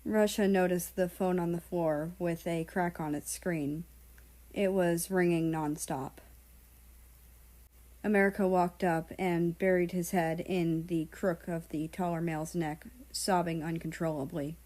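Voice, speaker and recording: A woman reading a fan fiction story aloud in a calm, measured way. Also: fairly low pitch. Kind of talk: audiobook narration.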